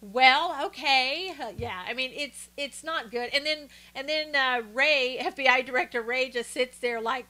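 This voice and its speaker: A woman's voice: high-pitched, a little slow, few pauses, bright, forceful tone. A woman hosting a live stream, chatting casually through political commentary and greeting viewers by name, with frequent fillers.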